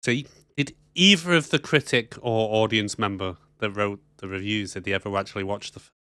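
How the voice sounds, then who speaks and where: A British man co-hosts a podcast in an animated, jokey way, with a low but bright, ringing tone. He records in a small studio, and the sound is dry and close. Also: a little fast, clean tone, no echo. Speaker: podcast co-host. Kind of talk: casual podcast chat. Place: home studio.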